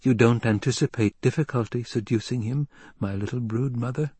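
A man voicing a shrewd, calculating count in an audiobook, dry and deliberate with small hesitations. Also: mid-range voice, dark tone, slightly rough, no room sound, lightly acted. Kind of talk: audiobook character voice.

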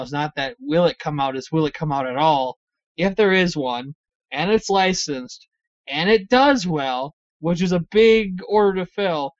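Excitable stammering podcast host, dry dull sound. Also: mid-range voice, dry recording. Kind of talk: casual chat.

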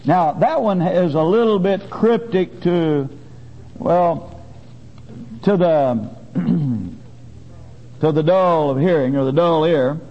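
A man preaching a sermon and reading scripture in a folksy, halting way with many restarts. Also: a little high. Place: church. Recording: dull lo-fi church recording with long reverb.

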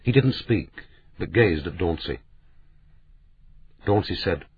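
A man narrating an audiobook in a steady, measured reading. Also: low voice, slight background noise. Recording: tinny phone-like sound.

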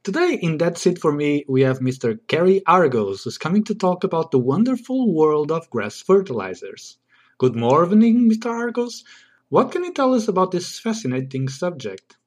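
A man's voice: on the high side, big pitch swings, moderate pace, darkish tone. A man acting a stiff, formal podcast host in a comedy sketch who keeps getting exasperated with his guest. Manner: formal, exasperated, clipped apologies.

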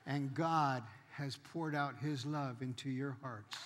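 Brief: male preacher, bright forceful voice, animated sermon story, long hall reverb. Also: mid-range voice, takes it slowly, slight background noise. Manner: animated storytelling, laughing, acting out other voices. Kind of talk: sermon testimony. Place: church.

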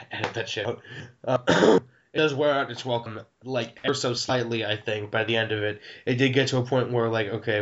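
A man co-hosting a podcast, mid-pitched and relaxed as he digs into a movie. He rambles, restarts his sentences and swears casually. The sound is dull and lo-fi. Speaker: podcast co-host. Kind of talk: casual film discussion.

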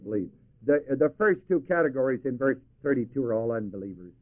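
A man's voice: medium pitch, expressive, quick pace. A man preaching a sermon who often chuckles and has listeners finish the verses he quotes. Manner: asks the audience to finish verses. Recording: tinny lo-fi tape recording.

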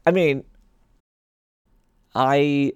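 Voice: medium pitch, fairly even intonation, very slow, clean tone, no echo, studio quality. A podcast co-host in casual chat about a TV episode, easygoing and hesitant with many fillers.

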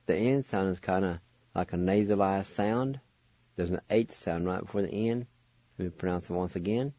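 A deep-voiced man with a warm tone speaks at a normal pace, hosting a radio language lesson. He spells and pronounces words syllable by syllable, carefully repeating each one. The audio is dull, with no echo.

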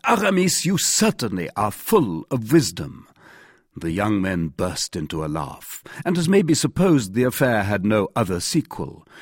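A man narrating a classic novel in a measured, expressive reading. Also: on the low side, breathy edge, no room sound, studio quality. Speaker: audiobook narrator.

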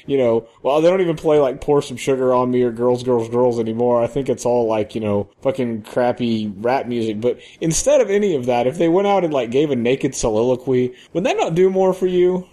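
A man's voice: medium pitch, brisk, few pauses, dark tone. A man co-hosting a comedy podcast, rambling playfully and breaking into mock-dramatic recitations. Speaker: podcast co-host. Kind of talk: casual comedic chat.

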